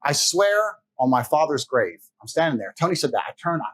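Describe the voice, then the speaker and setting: A man with a slightly high voice talks as an interview guest. His delivery is blunt and emphatic, full of swearing, as he tells stories casually. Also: big pitch swings, a little fast, a bit bright, slight background noise, rough recording.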